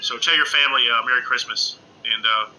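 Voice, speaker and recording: A middle-aged man talks casually to viewers on a home livestream, rambling and excitable, full of fillers. His voice is very bright and sharp. A faint noise sits under the recording. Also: medium pitch, a little fast, rough recording. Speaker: ghost-hunting live streamer. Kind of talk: casual live-stream chat with viewers. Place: indoors at home under a lamp.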